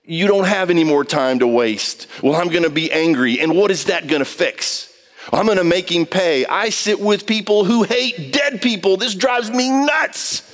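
A man preaching a sermon in an impassioned, pleading way, swinging between high and low. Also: lively intonation, normal speed, fairly bright tone.

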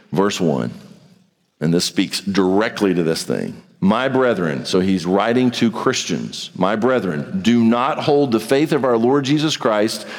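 Man preaching in a reverberant hall. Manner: conversational preaching, acts out quoted exchanges; swings from low and quiet to high and urgent. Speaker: pastor. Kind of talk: sermon.

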